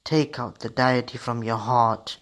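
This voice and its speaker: A calm, firm prophet , read by a male narrator, speaks with earnest conviction. His mid-pitched voice stays steady and grave. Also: measured pace. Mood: admonishing.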